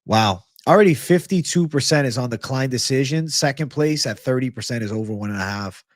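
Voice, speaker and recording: A man's voice: mid-range voice, lively intonation, a little fast, dry recording, studio quality. A man hosting a live stream with betting picks, talking casually with lots of swearing and hype, reacting to the chat. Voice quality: profane, hyped, chatty, reacts aloud to live chat. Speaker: livestream host giving betting picks.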